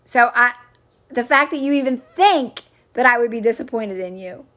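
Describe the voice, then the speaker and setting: This woman's voice is fairly high, bright, and forceful, moving at a moderate pace. She's chatting casually on a livestream, coaching viewers, responding to comments, and reassuring them by repeating what she says.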